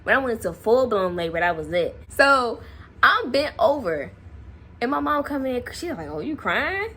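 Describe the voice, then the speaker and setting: Lively young woman telling a story. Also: on the high side, normal speed, breathy edge. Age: young adult. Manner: animated, acts out quotes, laughs often. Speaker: vlogger. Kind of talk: casual storytelling to camera.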